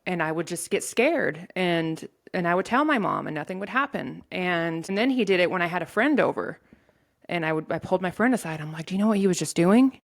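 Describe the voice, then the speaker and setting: A woman telling a painful personal story in an interview, in a halting way with many restarts. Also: fairly low pitch, animated. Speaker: guest sharing her story.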